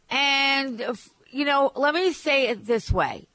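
Bright, emphatic woman radio host. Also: high-pitched, unhurried, no room sound. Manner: emphatic, blunt, advice-giving, with many restarts. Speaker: radio real estate show host. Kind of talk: call-in radio advice.

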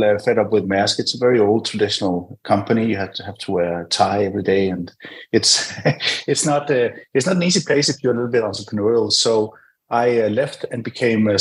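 Middle-aged Danish-accented man, low voice. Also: poor audio. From Denmark. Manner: friendly, hesitant, frequent "uh" pauses. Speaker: podcast guest, product director. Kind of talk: casual interview talk.

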